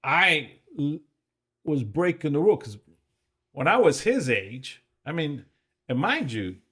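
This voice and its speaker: A man's voice: on the high side, very animated, measured pace, fairly bright tone, slightly rough. A middle-aged man co-hosting a podcast, telling stories in casual chat and acting out quoted dialogue. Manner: storytelling, acts out quoted dialogue. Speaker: podcast co-host.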